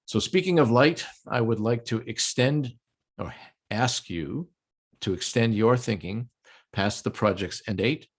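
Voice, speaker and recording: A man's voice: mid-range voice, a little slow, husky. An older man from the United States lecturing a project management audience in a conference talk, explanatory with frequent ums and light jokes. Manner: explanatory, occasional filler ums, light joking.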